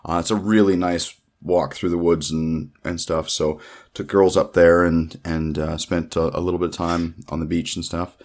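A man with a very low voice talks in a loose, rambling way. He circles back, restarts his sentences and fills gaps with um and uh. It sounds like an easygoing chat between co-hosts. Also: little pitch movement, normal speed, darkish tone. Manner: rambling, full of fillers and restarts. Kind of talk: casual chat.

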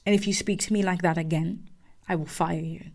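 A blunt, cold chief executive, as a woman quotes him, his words delivered low and quiet. He sounds stern and unimpressed. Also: fairly even intonation, fairly quick, creaky.

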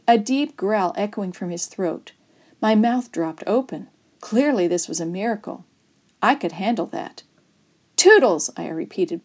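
Expressive woman reading a children's story. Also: mid-range voice.

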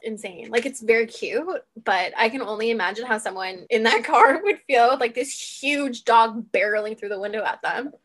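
A woman chatting casually and telling animated stories about her dog, laughing often. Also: fairly high pitch, moderate pace, few pauses. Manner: animated storyteller, laughs often, many "like" fillers. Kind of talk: casual chat.

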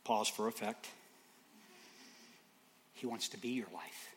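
A man preaching a sermon, swinging from hushed whispers to shouts with repetitive, emphatic phrasing. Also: fairly low pitch, takes it slowly, a little hiss or hum.

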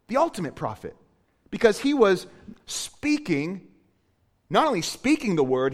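A male pastor giving a sermon, moving between hushed, quiet passages and loud, emphatic preaching. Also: sits high, big pitch swings, normal speed, long reverb tail. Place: church.

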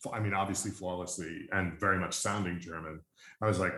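Chatty man with a low voice in an echoey room. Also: fairly even intonation, fairly quick, bright, forceful tone. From Long Island, New York. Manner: chatty, rambling, with many fillers and restarts. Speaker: interviewer. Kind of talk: casual conversational interview.

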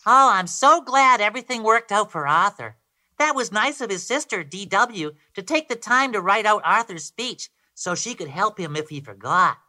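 A man voicing a big, gentle, childlike male bird, talking with innocent earnestness as a guest. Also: high voice, lively intonation, moderate pace, no room sound, full character voice. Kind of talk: puppet character voice.

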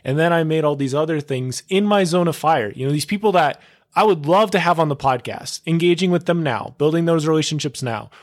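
A young man hosting his own podcast, talking on his own in a casual, excitable way, full of filler words and calling his listeners "dude". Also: fairly high pitch, a little fast, dry recording, clean studio sound. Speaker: podcast host. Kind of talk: casual solo podcast monologue.

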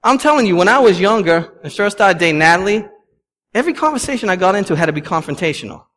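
A man's voice: high-pitched, big pitch swings, fast talker, fairly bright tone. Man preaching in a reverberant church. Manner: conversational, emphatic preaching with asides to the congregation. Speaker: pastor. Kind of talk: sermon. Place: church sanctuary. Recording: long reverb from a church hall.

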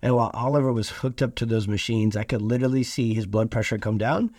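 A man's voice: mid-range voice, fast talker, a little mellow, no echo, studio quality. A middle-aged man from Iowa hosting a podcast, speaking in an earnest, emphatic, almost preacher-like way. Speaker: podcast host. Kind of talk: podcast monologue.

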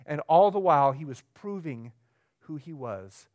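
A pastor preaching a sermon, swinging between emphatic, raised lines and quiet, low ones, often checking in with the congregation. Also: male voice, expressive, moderate pace, lo-fi sound. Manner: asks the room questions, conversational.

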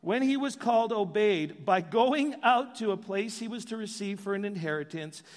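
A man preaching a sermon as pastor, animated and joking in asides. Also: high voice, moderate pace, long reverb tail.

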